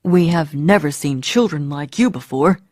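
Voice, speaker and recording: A woman voicing a poor, earnest young man who speaks in a low, hushed, urgent way. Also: animated, normal speed, no echo, studio quality.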